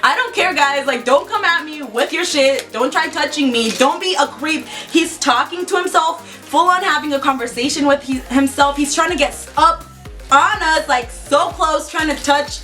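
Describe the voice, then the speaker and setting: A young woman vlogger excitedly retelling a scary story, swearing freely and acting out the lines of the people in it. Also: high voice, moderate pace, faint music behind. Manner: excitable, swears a lot, quotes herself and others in acted voices. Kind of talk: storytime vlog, casual retelling.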